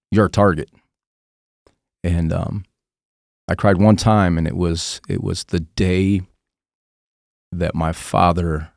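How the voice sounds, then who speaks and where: A man's voice: deep voice, vocal fry, a little mellow, dry recording, studio quality. A man telling his personal testimony as a podcast guest, earnest, raw and emotional.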